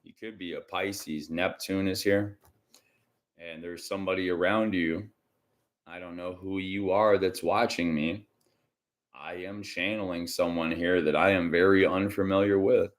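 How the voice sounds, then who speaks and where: A man hosting a casual psychic reading livestream from home, rambling and chatty and often clearing his throat. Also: low-pitched, steady tone, unhurried. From Michigan. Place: indoors at home.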